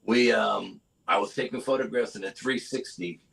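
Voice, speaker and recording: A middle-aged man telling a story as a guest in a live interview, animated and often asking "you know?". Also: lowish voice, moderate pace, creaky, rough recording. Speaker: guest, cryptid investigator.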